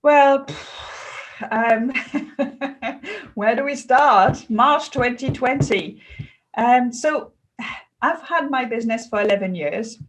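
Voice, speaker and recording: A middle-aged woman from France speaks English with a French accent in a fairly high voice. She talks earnestly and with feeling as an interview guest, often laughing between phrases. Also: slow pace, long pauses, poor audio. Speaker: guest, customer experience consultant. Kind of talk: interview conversation.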